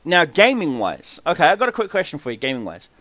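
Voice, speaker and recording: A man hosting a podcast, telling an animated story full of swearing and acted-out voices. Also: fairly high pitch, quick pace, dry recording, dull audio. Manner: swears freely, animated, acts out quoted voices. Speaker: podcast host. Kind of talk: casual storytelling chat.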